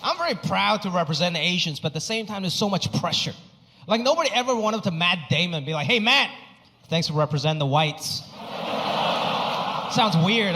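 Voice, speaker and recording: A male stand-up comedian performing a live set, animated and acting out other people's voices. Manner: animated, acts out other people with big pitch jumps. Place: comedy stage before a live audience. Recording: live hall reverb with crowd noise.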